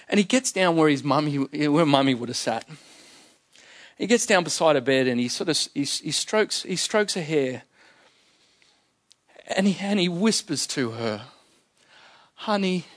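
Emphatic higher-voiced male preacher. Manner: emphatic, repeats key phrases for effect; conversational, explains scripture plainly. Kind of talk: sermon.

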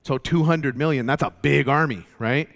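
A man's voice: medium pitch, normal speed, creaky, a bit bright. A man teaching a Bible study in a conversational, explanatory way, with many fillers and restarts.

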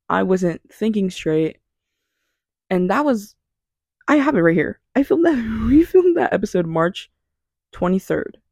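A woman's voice: lowish voice, gravelly, darkish tone, no echo. A young woman hosting her own podcast alone from her bedroom, chatting in a scattered, self-deprecating way and swearing casually. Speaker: podcast host. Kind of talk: rambling solo podcast chat. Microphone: small mic.

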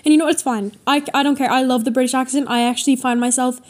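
A woman's voice: high-pitched, fairly even intonation, racing. A teenage girl, rambling in casual chat with a lot of swearing and fillers. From Ireland. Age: teens. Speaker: co-host.

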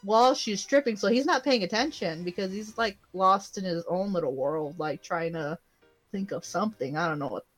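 A woman's voice: mid-range voice, moderate pace, soft background music. A young woman co-hosting a casual podcast, retelling an anime episode with lots of giggles and fillers. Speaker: podcast co-host recapping an anime. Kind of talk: casual chat.

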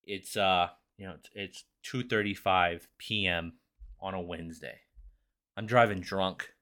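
A young man hosting a podcast, talking in a profane, rambling, excitable monologue. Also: sits low, a little slow, clear, resonant tone. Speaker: podcast host. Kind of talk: casual monologue.

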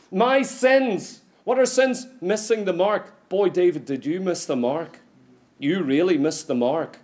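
Preacher, male, high-pitched, emphatic sermon delivery with rhetorical questions. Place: church.

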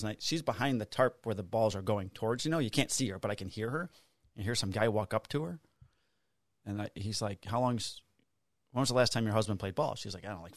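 In a dry, studio-quality recording, a podcast co-host in his fifties with a fairly low voice animatedly relates a long casual tale, cursing and performing the dialogue.

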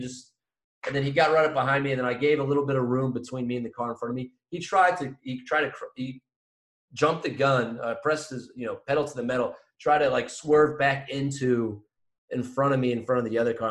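A man's voice: medium pitch, brisk. Man telling stories in an echoey room. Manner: animated storytelling, swearing. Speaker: podcast co-host. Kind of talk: casual chat.

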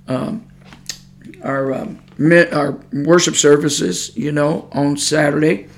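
A man's voice: a little high, steady tone, slow pace, gravelly. A man, preaching on a podcast in a folksy, rambling way with many fillers. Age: 60s. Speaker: pastor podcaster.

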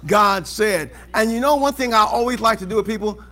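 Pastor guy preaching in church, kinda high voice, gets loud and asks the crowd stuff. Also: fast talker, soft background music. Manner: preaching with rising shouts and call-and-response questions. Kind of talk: sermon. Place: church auditorium. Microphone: live service recording.

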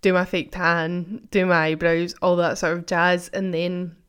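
A woman's voice: on the low side, flat delivery, unhurried, fairly bright tone, clean tone. A young woman, chatting casually to camera in a vlog and telling a rambling story full of "like" fillers. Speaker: vlogger.

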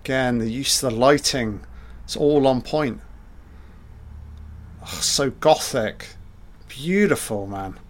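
A man's voice: medium pitch, slow, pauses often. A man giving casual film commentary in short, admiring remarks, swearing often.

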